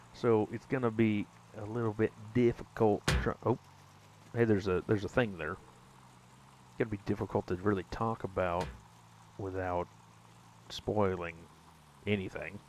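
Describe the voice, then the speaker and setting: A man's voice: fairly low pitch, steady tone, a little slow, long pauses, background noise. A young man giving casual gameplay commentary, chatting with viewers in a rambling, self-correcting way with mild exclamations. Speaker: gaming streamer.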